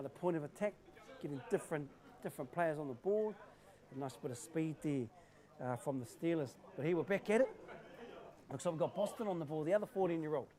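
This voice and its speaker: A man commentating a live touch rugby match, chatty and quick to laugh. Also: a little high. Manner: chatty, laughing, excitable calls. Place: outdoor sports field. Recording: outdoor crowd noise.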